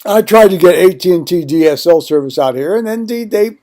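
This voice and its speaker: A man's voice: sits high, lively intonation, a little fast, dark tone. An older man vlogging at home in a rambling monologue, digressing often with blunt, profane asides.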